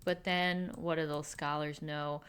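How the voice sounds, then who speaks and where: A woman's voice: low-pitched, little pitch movement, fairly bright tone, smooth. A woman giving a casual, sarcastic recap of a period drama while drawing, briefly acting out the characters. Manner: wry, sarcastic, acts out characters in quick voices. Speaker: recap host.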